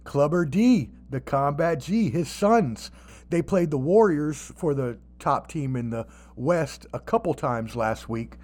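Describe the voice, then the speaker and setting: A man hosting a podcast in casual sports chat, animated and profane, with mocking asides. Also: fairly high pitch, slow. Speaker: podcast host.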